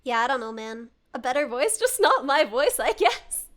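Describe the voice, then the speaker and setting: A woman's voice: high voice, big pitch swings, moderate pace, fairly bright tone. A young woman streamer, sick, chatting and telling a ghost story with a giggly, dramatic manner. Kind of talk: casual chat and storytelling.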